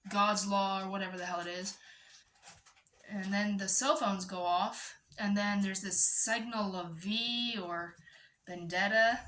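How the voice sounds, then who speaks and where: A woman's voice: mid-range voice, fairly even intonation, a little slow, sharp tone, echoey room, slight background noise. A woman vlogging in a chatty, digressive monologue, breaking off to scold her pet. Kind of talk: casual rambling monologue.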